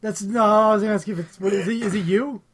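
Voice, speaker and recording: A young man co-hosting a comedy podcast, needling his partner with playful questions in a loose casual chat. His speaking voice sits notably high. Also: fairly even intonation, fast, husky. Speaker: podcast co-host.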